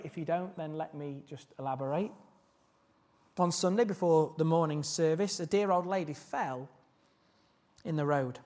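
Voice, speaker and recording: Man, sermon, earnest, questioning, slightly high pitch. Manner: earnest, asks the congregation questions. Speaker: preacher.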